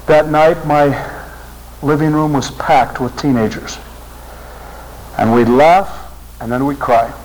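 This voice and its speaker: A man's voice: a little high, steady tone, slow, pauses often, darkish tone, slight background noise, low-quality recording. A middle-aged man telling a personal story to a religious audience in an earnest speaking style. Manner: earnest storytelling, voice rising with emotion. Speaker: seminary teacher and speaker.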